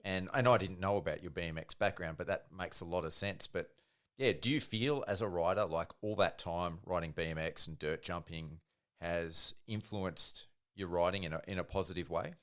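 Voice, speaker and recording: A man hosting a podcast, asking questions in a relaxed, conversational way. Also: low-pitched, normal speed. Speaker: podcast host. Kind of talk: casual interview chat.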